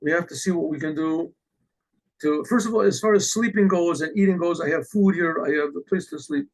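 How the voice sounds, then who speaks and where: A rabbi telling a story in an animated way, acting out the characters with exclamations. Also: male voice, sits high, fairly quick, creaky, rough recording. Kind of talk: storytelling talk.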